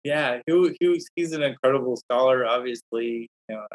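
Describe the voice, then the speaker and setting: A man's voice: medium pitch, a little fast, low-quality recording. A man, a scholar who is a guest on a podcast, telling a long personal story in a rambling, anecdotal way, with many restarts. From Native American community.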